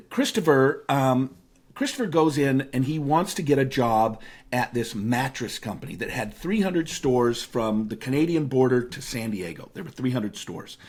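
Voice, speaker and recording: A middle-aged man as an interview guest, telling a personal story in a lively, storytelling way. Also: mid-range voice. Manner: animated storyteller who acts out voices in his anecdotes.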